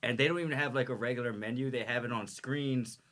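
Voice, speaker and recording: A man's voice: mid-range voice, steady tone, fast, fairly bright tone, a little hiss or hum. A man co-hosting a casual podcast chat, telling stories in a laid-back way. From Indian background.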